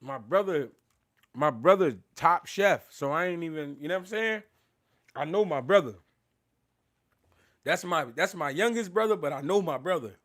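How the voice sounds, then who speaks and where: A man hosting a casual boxing live stream, talking loose and unscripted in street slang. His voice sits a touch high for a man. He rambles, laughs often and keeps thanking his viewers. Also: lively intonation, normal speed, pauses often, fairly bright tone. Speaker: boxing livestream host.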